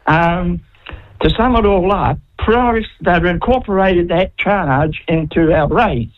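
A New man calls in to talk radio, matter-of-fact with a wry edge. His voice is notably high for a man. He comes through on a muffled, dull phone line. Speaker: caller.

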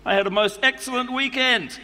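High bright New Zealand man in a hall. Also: fairly quick. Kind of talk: reading a letter aloud to a live audience. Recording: echoey hall, faint background noise.

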